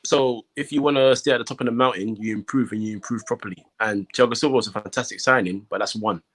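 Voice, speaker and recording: A man's voice: mid-range voice, fast. Slangy man talking football. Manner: animated, slangy, lots of fillers. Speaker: podcast co-host. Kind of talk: casual football chat.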